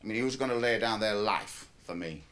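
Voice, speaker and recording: A man's voice: on the low side, fairly quick, a bit bright, lightly acted. An actor playing a cynical, middle-aged male stand-up comedian who talks in a chatty, lecturing way in a radio play. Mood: stand-up patter. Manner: chatty, lecturing, shifts into a club comedy routine. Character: aging male stand-up comic, cynical and wheedling.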